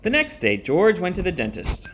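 A man's voice: high voice, huge pitch swings, normal speed, a little hiss or hum. Man reading a children's story aloud. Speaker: narrator.

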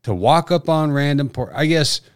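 A man's voice: on the high side, clear, resonant tone, dry recording, clean studio sound. A man from North Dakota co-hosting a podcast, chatting bluntly and profanely and teasing his co-host. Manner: profane, blunt, quick to tease. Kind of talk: casual crude podcast banter.

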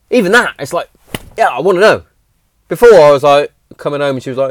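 A man's voice: fairly high pitch, expressive, quick pace, no echo, clean studio sound. A man in his thirties hosting his own podcast, talking in an earnest, emphatic, rambling way and swearing freely. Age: 30s. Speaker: podcast host. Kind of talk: casual heartfelt monologue. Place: home shed.

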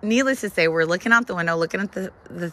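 A woman's voice: lowish voice, fast, a bit bright. Laughing, profane woman telling stories. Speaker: podcast co-host. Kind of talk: casual chat.

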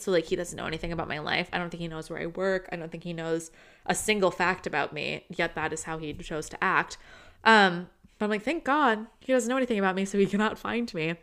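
A young woman with a bright, clear voice co-hosts a casual chat podcast. She tells her story in an animated way, slipping into quoted reactions of exaggerated disgust. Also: lowish voice. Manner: animated storytelling, quoting herself with dramatic disgust. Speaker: podcast co-host.

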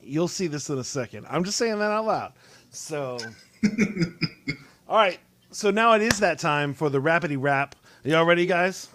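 A man's voice: on the high side, lively intonation, moderate pace, pushed and bright, a little hiss or hum. A man in his thirties hosting a podcast in casual chat, joking and teasing his guests. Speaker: podcast host.

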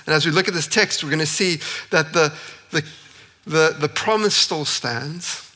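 A man delivers a church sermon with earnest conviction. His voice sits a touch high and rings bright and forceful. He stacks repeated phrases as he builds his point. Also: normal speed, in a large hall. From South Africa. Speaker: pastor.

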